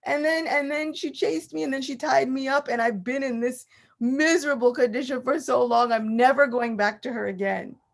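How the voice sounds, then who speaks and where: Sulky toddler boy, high and sobbing , as a woman puts him on. Pitched well above her own voice. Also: animated, moderate pace. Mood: whining tearful. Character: whiny tearful toddler boy Krishna, sulking.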